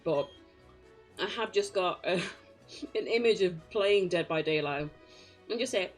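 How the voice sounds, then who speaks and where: A woman's voice: on the low side, slow, soft background music. A young British woman chatting casually on a live game stream, laughing often and poking fun at herself. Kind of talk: casual live-stream chat while gaming.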